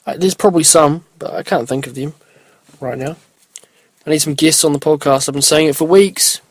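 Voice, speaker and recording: A man's voice: a little high, fairly quick, dry recording. Laid-back young man hosting a podcast. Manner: rambling, laid-back, lots of filler. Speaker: podcast host. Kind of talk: casual solo podcast chat.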